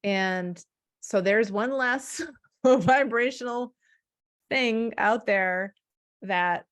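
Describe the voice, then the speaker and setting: A woman guest, a hypnotherapist, telling spiritual stories in a rambling, animated conversational way. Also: fairly high pitch, drawn-out words. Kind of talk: casual conversation.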